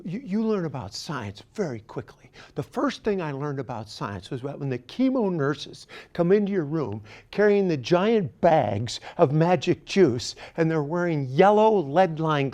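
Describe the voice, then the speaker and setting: A middle-aged man telling a long stand-up story in a deadpan voice. His pitch moves a lot from line to line, and he takes his time, sometimes dropping to a whisper. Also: a little slow. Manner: deadpan, animated, drops to whispers. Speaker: stand-up comedian.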